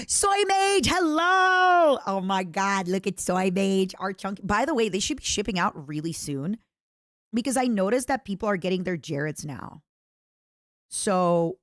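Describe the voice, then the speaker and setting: A woman streamer chatting casually and reading fan letters, expressive and playful, swinging from excited squeals to soft murmurs, her throat a little strained. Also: mid-range voice, no room sound, clean studio sound.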